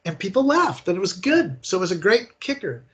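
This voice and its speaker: An older man telling animated, rambling stories as a guest in an interview, acting out the scenes as he goes. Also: high voice, a little fast. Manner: animated, rambling storyteller who acts out scenes. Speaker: guest, attraction designer. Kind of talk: casual interview storytelling.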